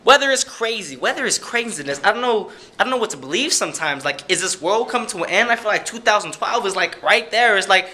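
Hyped, bright-voiced young man. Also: high voice, expressive, fairly quick. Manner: rambling, hyped, profane, playful. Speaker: DJ and club promoter. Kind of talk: casual vlog talk.

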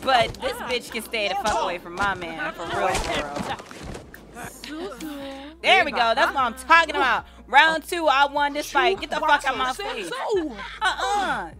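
A woman's voice: sits high, animated, measured pace. A woman giving casual, profane commentary over a life-sim game, hyping and trash-talking the characters. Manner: profane, playful, dramatic trash talk at the game. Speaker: let's play gamer. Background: game music.

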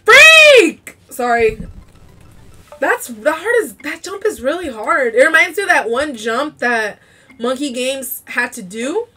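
A woman chatting excitedly while playing a video game, often shrieking and laughing. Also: sits high, a little slow, soft background music. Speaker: gamer playing on stream. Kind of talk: casual gaming commentary.

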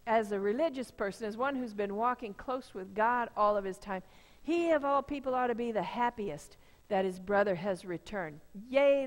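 A woman pastor giving a conversational sermon, acting out the voices of the people in her story. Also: medium pitch. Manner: conversational preaching, acts out quoted voices. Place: church sanctuary. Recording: long reverb of a church sanctuary.

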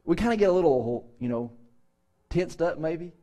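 A pastor delivering a sermon, his voice sitting a little higher than most men's. He talks to the congregation casually and acts out the people in the stories with quoted voices. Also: animated, moderate pace, dark tone.

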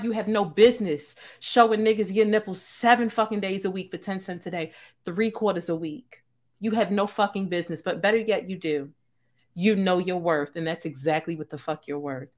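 A young adult woman hosting a live-stream, ranting in a sassy, profane, animated way with asides to her chat. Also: lowish voice. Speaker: host.

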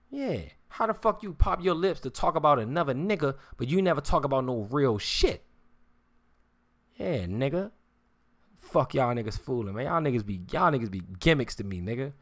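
A man's voice: mid-range voice, a bit bright. A man on a live stream, ranting in a heated, profane and confrontational way, repeating himself and pressing his listeners with questions. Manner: insistent, keeps asking "you hear me". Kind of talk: heated livestream rant.

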